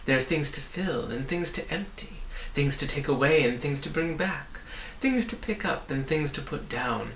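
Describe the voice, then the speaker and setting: A sly, menacing storybook demon of petty chores, put on by a male reader, snarling one moment and wheedling the next. The voice is bright and sharp, and it rings in an echoey room. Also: mid-range voice, animated, normal speed, slight background noise, close to an everyday voice. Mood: coaxing.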